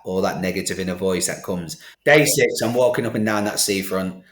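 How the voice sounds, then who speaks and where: A middle-aged man with a fairly low voice tells his story in a candid, animated way, acting out the voices of the people in it. His speech carries a noticeable room echo, as if recorded in a live studio. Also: normal speed. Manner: animated, acts out quoted exchanges. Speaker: podcast guest.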